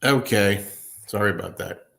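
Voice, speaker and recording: A man's voice: lowish voice, normal speed, gravelly, fairly bright tone. A man hosting a casual livestream, chatting and answering viewer comments as they come in. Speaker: livestream host.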